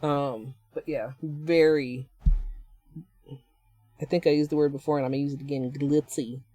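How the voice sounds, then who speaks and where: A woman's voice: low-pitched, steady tone, moderate pace, dark tone, no echo, soft background music. A woman chatting casually while livestreaming a nail art session, rambling and joking to her viewers. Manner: chatty, rambling, self-deprecating asides.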